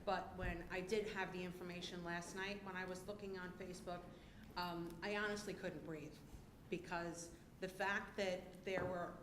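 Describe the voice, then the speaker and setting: A woman's voice: on the low side, reverberant, background noise. A woman speaking as a parent at a school board meeting's public comment, upset and indignant, near tears, her voice climbing and cracking. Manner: emotional, indignant, voice rising and cracking.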